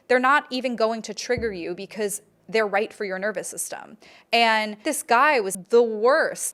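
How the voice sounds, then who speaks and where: A woman's voice: medium pitch, a bit bright. A young adult woman hosting a podcast, telling a personal story in a candid, emphatic way and swearing freely. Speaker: podcast host.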